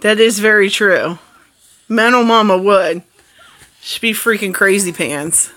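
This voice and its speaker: A woman vlogging casually to her viewers, rambling from one thought to the next in an excitable, jokey way. Her voice is bright and forward, sitting at an ordinary middle pitch. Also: measured pace. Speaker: family vlogger. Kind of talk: casual chat.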